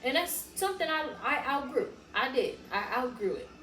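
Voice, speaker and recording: Young woman w/ aave doing a storytime vlog, high-ish voice, jumps into loud yelling re-enactments, echoey room, faint hiss. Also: moderate pace. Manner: animated, swings into loud high-pitched re-enactments of her past self. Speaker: vlogger telling a storytime. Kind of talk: casual storytelling.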